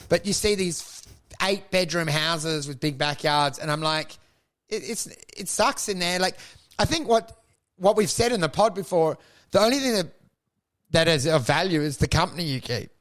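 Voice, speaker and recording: A man, co-hosting a casual podcast chat, animated and swearing freely. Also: on the high side, normal speed. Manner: animated, swearing, swings into loud put-on voices. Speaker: podcast co-host.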